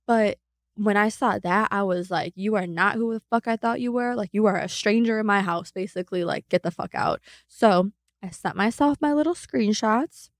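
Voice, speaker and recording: Speaking at a moderate pace in a medium pitch, with no room sound, this young woman co-hosts a podcast. During the casual chat she tells a story in a blunt way, full of swearing and fillers.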